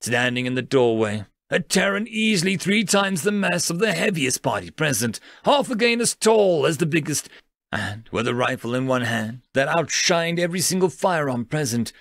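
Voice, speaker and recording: Expressive male sci-fi story narrator. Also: on the high side, normal speed, no echo, studio quality. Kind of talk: scripted narration.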